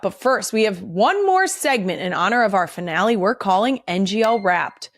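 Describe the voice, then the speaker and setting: A woman's voice: medium pitch, expressive, moderate pace, few pauses, dry recording, clean studio sound. A woman in her thirties hosting a podcast, talking candidly and bluntly with plenty of swearing. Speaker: podcast host. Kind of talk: casual podcast monologue.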